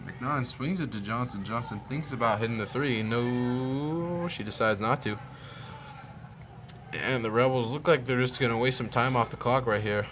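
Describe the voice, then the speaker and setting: A man's voice: medium pitch, moderate pace. Young man calling a school basketball game. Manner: plain, easygoing play-by-play, a little unpolished. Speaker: play-by-play commentator. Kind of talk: amateur basketball commentary. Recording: noisy gym ambience behind.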